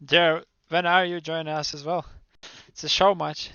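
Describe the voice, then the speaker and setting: Smooth-voiced man on a dull, dry mic. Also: a little high, flat delivery, moderate pace, pushed and bright. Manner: laid-back, recounts matches in detail. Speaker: co-caster. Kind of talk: casual game commentary.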